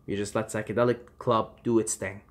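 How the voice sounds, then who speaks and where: A man's voice: fairly low pitch, little pitch movement, brisk. Emphatic swearing man urging listeners. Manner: emphatic, swings from loud urging to quiet reassurance, swears freely. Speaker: vlogger. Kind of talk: impassioned advice monologue.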